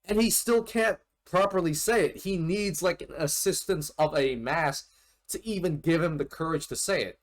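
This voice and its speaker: A man giving casual commentary in an anime reaction video, talking in a rambling, animated way with some casual swearing. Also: a little high.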